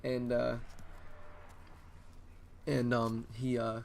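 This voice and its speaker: A teenage man hosting a gaming channel, telling a casual storytime in a rambling, excitable way with many restarts, on a USB desktop microphone. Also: mid-range voice, very slow, vocal fry, slight background noise.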